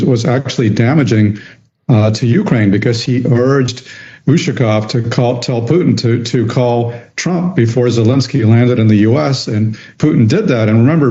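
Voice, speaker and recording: Male pundit, gravelly low-bright voice, emphatic, dull lo-fi audio. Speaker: political analyst guest on a TV news clip. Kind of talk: TV news interview commentary.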